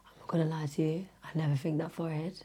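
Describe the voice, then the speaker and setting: Hoarse young woman, losing her voice, podcast guest, animated storyteller. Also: low voice, rapid-fire. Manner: animated storyteller, shouts when quoting herself. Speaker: guest, teacher and singer. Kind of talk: casual podcast chat.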